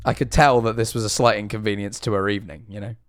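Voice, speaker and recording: A man telling a self-mocking story to his stream, animated and swearing freely. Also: fairly low pitch, quick pace, dry recording, clean studio sound. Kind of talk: casual storytelling to a live stream chat.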